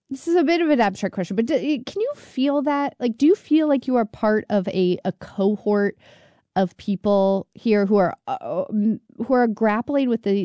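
A woman interviewing a guest, building long questions in a measured way. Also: medium pitch, warm tone, dry recording.

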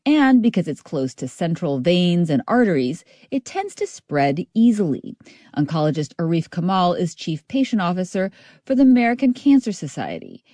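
A woman reads a scripted radio news report, her pitch moving freely up and down. Her tone is mellow, and her measured, expressive reading is recorded dry and close. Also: no room sound.

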